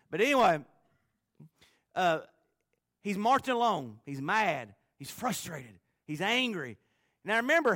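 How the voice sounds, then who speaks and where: A man preaching a sermon with animated, joking, emphatic storytelling. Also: high-pitched, no echo. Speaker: pastor.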